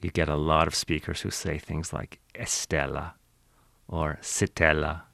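A man's voice: extremely low pitch, little pitch movement, a little slow, vocal fry, pushed and bright, no echo, clean studio sound. A man who is an accent archive expert, explaining in an interview in a lecturing manner.

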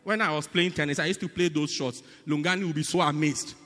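A man preaching a sermon in a teaching manner, often checking whether the congregation understands, swinging between loud bursts and quiet asides. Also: on the high side, fairly even intonation, quick pace, in a large hall. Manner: teaching, repeatedly asking the congregation "do you get it?".

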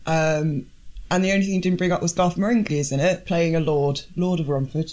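A woman's voice: deep voice, steady tone, a little fast, a little mellow, highs cut off. A woman on a podcast, chatting casually and wryly, often mimicking silly voices. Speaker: podcast co-host. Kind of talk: casual chat.

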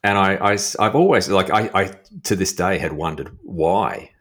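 An Australian man, a middle-aged author, casually telling an animated story and laughing often. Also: moderate pace. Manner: animated anecdote-telling, laughs often, lively swings into high quoted voices. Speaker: author guest.

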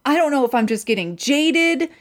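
A woman's voice: high-pitched, expressive, normal speed. A woman co-hosting a podcast in casual chat, blunt and ranting with lots of swearing. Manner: blunt and profane, rants with frequent swearing. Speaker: podcast co-host.

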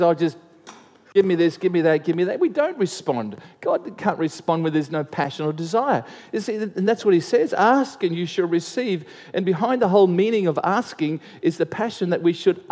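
A man's voice: high voice, darkish tone. A middle-aged male pastor preaching a conversational sermon, repeating phrases and acting out the voices he quotes. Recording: long hall reverb.

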